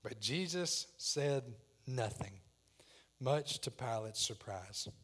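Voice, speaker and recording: A man's voice: mid-range voice, lively intonation, takes it slowly, fairly bright tone. A man preaching a sermon, dramatic as he acts out the voices in the story. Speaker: pastor.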